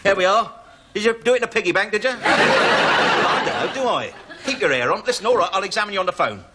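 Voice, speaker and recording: Brief: chirpy burglar posing as a doctor, middle-aged, lively and fairly high voice, noisy old TV recording. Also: male voice, fast. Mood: cheeky. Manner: chatty, bluffing, full of tag questions. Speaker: comic actor in a sketch. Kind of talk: television sketch comedy acting.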